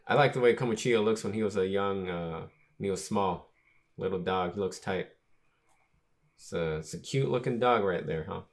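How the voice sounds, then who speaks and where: A man hosting a manga reaction, reading pages aloud and reacting with excited exclamations. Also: lowish voice, normal speed, vocal fry. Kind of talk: casual reaction and read-aloud.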